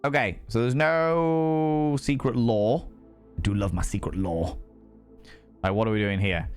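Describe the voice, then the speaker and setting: A man's voice: medium pitch, a little slow, clear, resonant tone, soft background music. A man chatting casually and playfully with his viewers while streaming a game, swearing freely. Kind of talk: casual live-stream chat while gaming.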